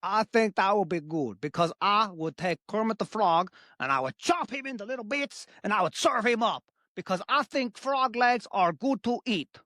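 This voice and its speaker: Brief: grumpy greedy chef guy, deadpan and childlike, pitch leaping all over, dry close sound, a woman putting him on. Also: moderate pace, few pauses, dry recording, close to an everyday voice. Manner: deadpan, broken grammar, wild pitch swings. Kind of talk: improvised comedy bit.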